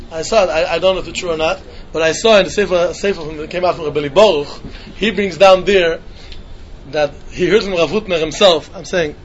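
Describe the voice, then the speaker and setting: A man's voice: high voice, a bit bright, muffled recording, a little hiss or hum. A man giving a Talmud lecture, often repeating phrases and restarting sentences. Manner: mixes English with Hebrew and Yiddish terms, repeats phrases, restarts often. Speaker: Talmud teacher.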